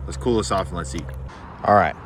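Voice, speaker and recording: A man's voice: low-pitched, a little fast, background noise. A man hosting a cooking vlog from an outdoor kitchen, talking in a laid-back, offhand, wry way as he cooks. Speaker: cooking channel host. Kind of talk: casual cooking vlog talk.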